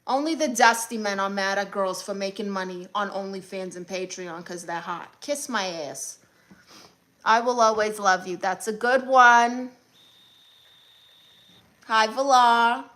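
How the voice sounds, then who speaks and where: Brooklyn woman, bright and sassy, live-stream host reading chat. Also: mid-range voice. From Brooklyn, New York. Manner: sassy, blunt, quick comebacks. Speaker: comedian hosting a live stream.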